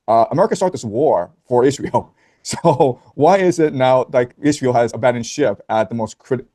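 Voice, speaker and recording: A man with a dark, mellow voice at a middle pitch, speaking as a guest in a casual stream chat. He talks at a measured pace, with frequent ums as he thinks aloud.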